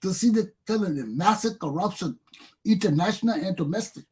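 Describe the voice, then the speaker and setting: A man's voice: high voice, expressive, brisk, darkish tone, slightly rough. A man from Liberia with a Liberian accent, giving a passionate solo commentary full of bitter laughter and sudden outbursts.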